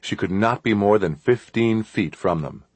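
A man narrating an adventure audiobook in a steady, measured storytelling manner. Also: lowish voice, slightly rough, dry recording.

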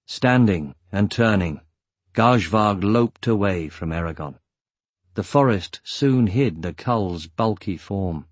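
A man reading an audiobook as narrator, measured and steady, with a husky voice. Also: lowish voice, no echo. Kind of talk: scripted narration.

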